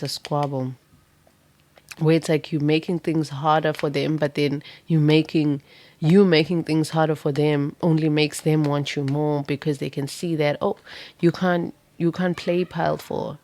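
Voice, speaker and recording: Low-voiced woman reading tarot dramatically. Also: level tone, moderate pace, a little mellow. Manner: dramatic, vivid storytelling with casual swearing. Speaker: tarot card reader. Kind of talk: pick-a-card tarot reading.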